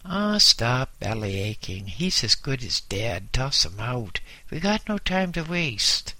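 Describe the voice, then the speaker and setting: Hard bossy thief guy, as a man reads him, barks orders, bright pushy tone, dry sound. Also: medium pitch, big pitch swings, takes it slowly, no echo, heavily acted. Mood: impatient. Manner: gruff, impatient orders. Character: callous, bossy adult male boat thief.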